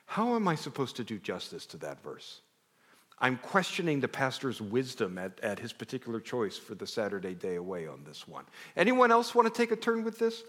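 A man preaching a sermon to a congregation in a conversational, animated way, breaking off mid-sentence and sometimes dropping his voice very low. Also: a little fast. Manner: animated, conversational, self-interrupting, drops to near whisper. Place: church sanctuary. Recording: long hall reverb.

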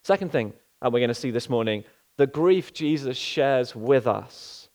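A man's voice: mid-range voice, expressive, normal speed, darkish tone. A male pastor giving an earnest sermon, often asking rhetorical questions.

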